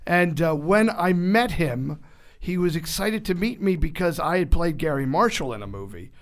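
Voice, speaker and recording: A man with a higher-pitched voice spins joking anecdotes during an interview. He talks casually, breaks off and restarts his sentences, and lets his stories build. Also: moderate pace. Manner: animated, joking anecdotes with lots of self-interruptions. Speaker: actor guest.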